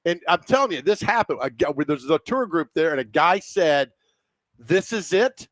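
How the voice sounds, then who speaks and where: A man's voice: fairly high pitch, very animated, brisk, fairly bright tone, dry recording. A man hosting a sports radio show, teasing his guest and laughing easily. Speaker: radio host. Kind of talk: casual sports radio talk.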